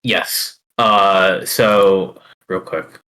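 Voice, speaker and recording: A man narrating a tabletop game as its dungeon master, in a lowish voice. He talks slowly and deliberately, filling pauses with hums and restarts as he describes what happens. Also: steady tone, bright, forceful tone, low-quality recording. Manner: slow, measured narration with many fillers.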